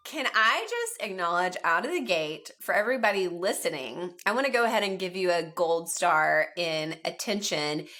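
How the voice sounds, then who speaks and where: Woman, podcast host, encouraging, bright voice, faint background music. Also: on the low side, expressive, moderate pace, few pauses. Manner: upbeat, encouraging. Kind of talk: podcast hosting.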